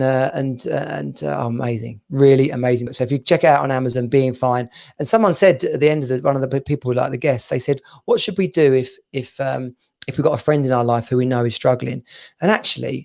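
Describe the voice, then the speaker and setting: Guy co-hosting a dad podcast, gravelly voice, rambly, laughs a lot, video call. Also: medium pitch, darkish tone. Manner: rambling, repeats words, laughs often. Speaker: podcast co-host. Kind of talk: casual chat.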